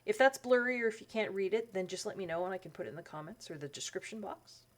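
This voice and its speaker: A woman's voice: mid-range voice, animated, fast. A woman hosting a colouring channel, chatting as she flips through a book, rambling and correcting herself with lots of fillers. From Canada.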